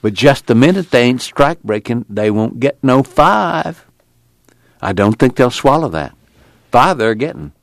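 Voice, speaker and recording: A man's voice: medium pitch, unhurried, no echo, pitched above the performer's own voice. A man doing a weary drawling farmhand. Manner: flat, blunt, tired. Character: weary plainspoken young farmhand. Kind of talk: audiobook character voice.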